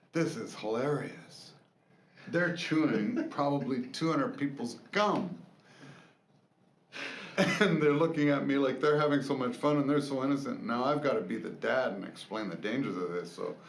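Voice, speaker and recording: Laughing, animated man telling a story. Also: medium pitch. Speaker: co-host sharing family stories. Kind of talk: casual storytelling chat. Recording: echoey room with faint hiss.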